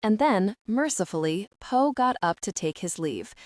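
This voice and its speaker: A woman narrating a fantasy audiobook in a calm, even storytelling manner, close to the mic. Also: mid-range voice, unhurried, no room sound.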